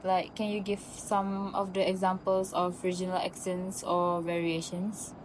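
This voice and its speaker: A woman's voice: lowish voice, completely flat delivery, unhurried, a little hiss or hum, rough recording. A woman interviewer who politely asks structured questions.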